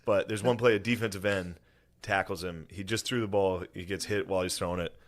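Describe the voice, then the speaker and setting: A man co-hosting a podcast, chatting casually and telling animated stories with sudden high-pitched impressions. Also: fairly quick. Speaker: podcast co-host. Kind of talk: casual chat.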